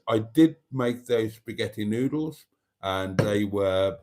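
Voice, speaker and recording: A man with a lowish voice chats through his nightly livestream at an unhurried, drawn-out pace. He speaks gently and affectionately, often letting his sentences fade off quietly. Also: animated. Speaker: channel host. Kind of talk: casual nightly livestream chat.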